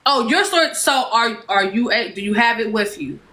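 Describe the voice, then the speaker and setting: A woman's voice: on the high side, animated, moderate pace, bright, forceful tone. A woman acting as judge of an online mock court, firmly setting rules and keeping order. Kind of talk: moderating a livestream trial.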